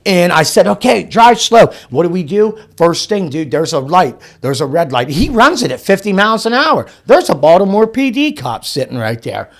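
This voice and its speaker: Excitable man telling a wild story. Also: sits high, normal speed, few pauses. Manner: excitable, swears often, laughs mid-sentence, acts out dialogue. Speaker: podcast guest. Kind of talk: animated storytelling.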